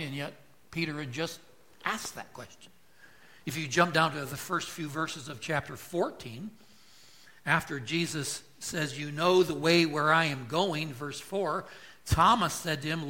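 Male pastor, bright forceful voice, slightly high, teaching sermon with questions to the room. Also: a little slow. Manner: expository preaching, rhetorical questions, voice jumps when quoting. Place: church.

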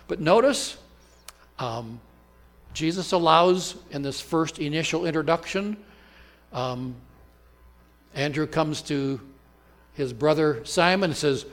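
A man preaching from the pulpit with a voice pitched a little high. He talks earnestly, leans on key phrases by slowing down, and puts questions to the congregation as he explains a passage. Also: a bit bright. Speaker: pastor. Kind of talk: expository sermon.

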